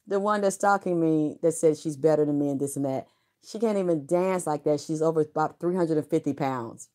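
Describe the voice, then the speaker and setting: A middle-aged woman with a notably low, deep voice talks straight to her viewers. Her storytelling is candid and loose, wandering from point to point with blunt, salty words. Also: a little fast, a little mellow. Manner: frank, rambling, salty, with profanity. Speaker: vlogger.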